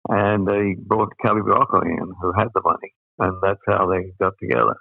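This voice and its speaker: A man's voice: low-pitched, steady tone, a little fast, gravelly, husky, no echo. A man in his eighties from Australia, a guest telling rambling anecdotes and chuckling through his own stories. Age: 80s. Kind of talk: anecdotal storytelling. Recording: tinny phone-like line, dry.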